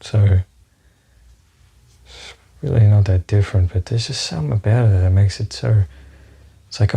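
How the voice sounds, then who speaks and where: Deep husky man rambling on a podcast. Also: normal speed, long pauses, dark tone. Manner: rambling, profane, sidetracked, with many fillers. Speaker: podcast host. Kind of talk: rambling solo podcast monologue.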